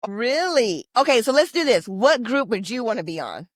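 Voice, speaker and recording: A woman co-hosting a fan podcast in casual, opinionated chat, her voice jumping up and getting louder when she gets excited. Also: fairly high pitch, moderate pace, dry recording. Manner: animated, opinionated, bursts of loudness. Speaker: podcast co-host.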